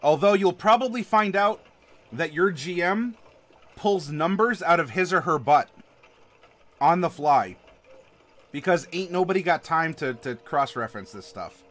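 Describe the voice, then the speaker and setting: A man's voice: on the high side, lively intonation, unhurried, fairly bright tone. A man hosting a casual read-along review of a rulebook, rambling with plenty of fillers and a sarcastic edge. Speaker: host reviewing a game rulebook.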